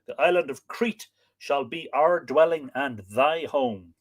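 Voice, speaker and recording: A man reading aloud the solemn, archaic lines of a gentle male god in the shape of a bull. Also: on the high side, measured pace. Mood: reassuring.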